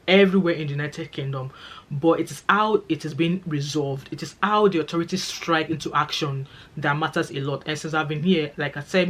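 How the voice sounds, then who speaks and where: A middle-aged woman and nurse, talking fast and chatty straight to camera in a casual vlog. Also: low voice. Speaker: vlogger and nurse.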